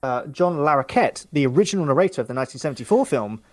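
A man's voice: a little high, expressive, fast, darkish tone. Rambling man reviewing a film. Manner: rambling, self-correcting, chatty. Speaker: podcast co-host. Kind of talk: casual film review chat.

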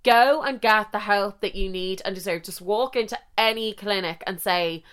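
A woman's voice: mid-range voice, normal speed, a bit bright, clear, resonant tone. A young Irish woman in her twenties telling a rambling story in a casual monologue, swearing freely and interrupting herself.

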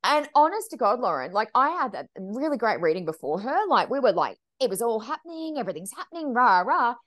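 A woman's voice: on the high side, a little fast. A woman who works as a medium, telling stories in a casual podcast chat and acting out the voices of people in them. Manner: animated, acts out quoted voices.

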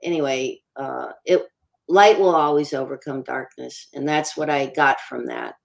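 Middle-aged woman, interview guest, deep voice, halting, lots of uhs. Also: creaky, poor audio. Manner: halting, many ums and uhs. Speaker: guest, paranormal investigator. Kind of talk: casual interview chat.

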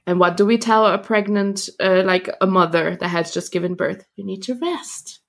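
A woman from Italy speaking as a podcast guest, her voice sitting at an ordinary middle pitch. She lays out her ideas in a sincere, explanatory way. Her delivery is plain and conversational. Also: moderate pace, gravelly. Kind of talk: casual conversational interview.

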